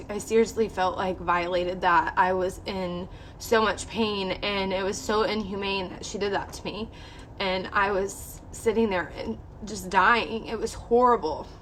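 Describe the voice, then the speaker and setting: A woman's voice: medium pitch, slight background noise. A young woman vlogger candidly telling a personal story to her viewers, emotional and full of "like". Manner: candid, emotional, heavy use of "like".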